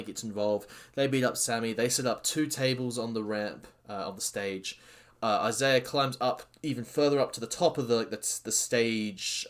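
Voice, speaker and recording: Guy rambling thru a wrestling recap, kinda low voice, lots of ums and restarts, gets worked up. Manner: excitable, rambling with many fillers and restarts. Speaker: podcast host reviewing a wrestling show. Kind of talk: casual recap chat.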